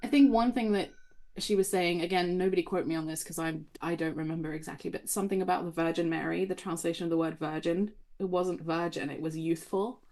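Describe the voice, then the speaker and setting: A woman author as a guest on a podcast, chatting casually and telling animated, rambling stories. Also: on the low side, fairly quick. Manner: animated, tangential storyteller who swears casually.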